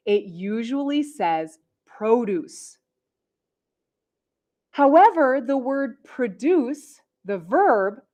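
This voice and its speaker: A woman teaching an English lesson, repeating words slowly and stressing syllables clearly. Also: mid-range voice, a little mellow. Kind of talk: slow, carefully enunciated English lesson.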